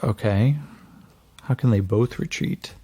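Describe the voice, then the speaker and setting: A man running a tabletop game as game master, narrating in a relaxed, rambling way with many fillers and self-corrections. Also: on the low side, measured pace, breathy edge.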